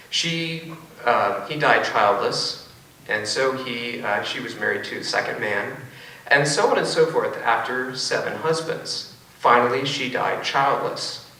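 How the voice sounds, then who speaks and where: A man's voice: medium pitch, bright, forceful tone. A man, a philosophy professor, giving a wry, joking debate talk in a large auditorium. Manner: wry, joking, with frequent asides. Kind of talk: lecture-style debate talk. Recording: echoey auditorium from far off.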